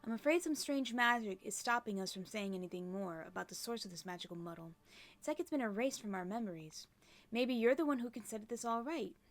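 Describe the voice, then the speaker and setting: A woman's voice: a little high, animated, a little fast. A woman voicing a doting old fairy aunt. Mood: sweet, doting. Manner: sweet, doting, calls everyone dear. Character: kindly elderly female fairies, motherly and fussy. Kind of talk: reading game dialogue aloud in character.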